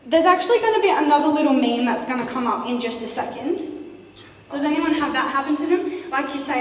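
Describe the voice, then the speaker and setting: A woman's voice: high-pitched, lively intonation, a little fast. A woman giving a casual, playful youth sermon, chatting and teasing her listeners with questions. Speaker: youth preacher. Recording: echoey hall from far off.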